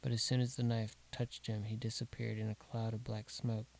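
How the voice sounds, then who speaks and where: A man reading a horror story aloud, slow and deliberate, dropping to a hush at grim details. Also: fairly low pitch, monotone, creaky, slight background noise, low-quality recording. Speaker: narrator. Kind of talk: scripted horror story narration.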